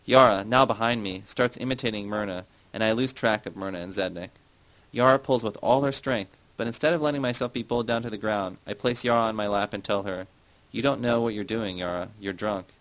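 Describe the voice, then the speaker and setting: A man with a low voice reading a literary novel aloud in first person. His narration is measured and even. He keeps the storytelling steady. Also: rough recording. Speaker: audiobook narrator.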